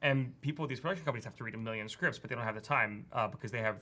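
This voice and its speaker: A man co-hosting a studio panel show, talking casually in a teasing, animated way with many restarts. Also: medium pitch, racing. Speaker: co-host.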